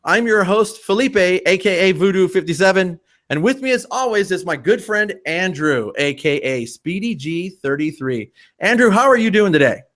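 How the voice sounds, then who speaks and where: A man's voice: high voice, lively intonation, normal speed, hardly any pauses, a bit bright. A man hosting a movie review podcast, upbeat and chatty. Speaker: podcast host. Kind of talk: casual movie review chat.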